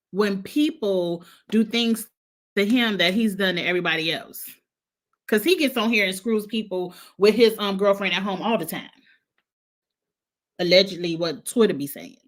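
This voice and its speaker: A woman's voice: medium pitch, a bit bright. A woman hosting a casual live-chat recap show, talking in a blunt, gossipy, opinionated way. She is a bit congested from allergies and coughs now and then. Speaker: host.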